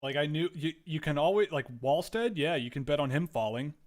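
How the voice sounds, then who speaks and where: A man hosting a casual livestream from home, giving rambling, animated commentary with frequent restarts. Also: on the high side, fairly quick. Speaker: livestream host.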